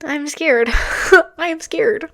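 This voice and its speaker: A woman streaming a story game, reading it aloud and reacting excitedly, often gasping and laughing at what she sees. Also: high-pitched, extremely slow, poor audio.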